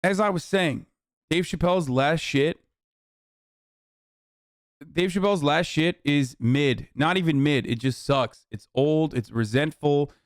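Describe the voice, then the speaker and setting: A male streamer rants at his audience in a high voice, swearing freely and punctuating points with "okay?". His tirades climb into yelling. The sound is dry and close, with no room around it. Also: measured pace, long pauses, no echo. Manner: profane, repetitive "okay?" tags. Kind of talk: ranting reaction stream.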